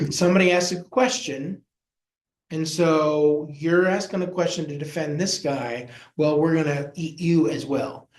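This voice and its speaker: Slow-talking pastor in an echoey room. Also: male voice, fairly high pitch. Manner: folksy, acts out quoted voices. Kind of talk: Bible study teaching.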